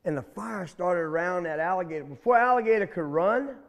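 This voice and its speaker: A man telling a folk tale aloud in an animated, folksy way, talking straight to his listeners. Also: high voice, a little fast, creaky. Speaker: storyteller. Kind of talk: oral folk storytelling. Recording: long hall reverb.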